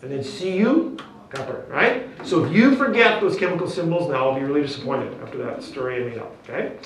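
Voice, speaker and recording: A man's voice: on the high side, expressive, brisk. A male teacher leading a classroom lesson, upbeat and coaxing, constantly checking in with "okay?" and "right?". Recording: very echoey classroom, distant mic.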